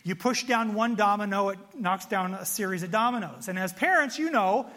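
High-voiced, animated pastor in a hall. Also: male voice, normal speed. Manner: animated, self-mocking storyteller. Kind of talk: sermon with storytelling.

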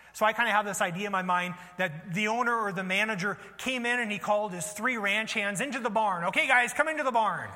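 A man preaching a sermon, animated and storytelling, asking his listeners questions in a church hall. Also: high-pitched. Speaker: pastor.

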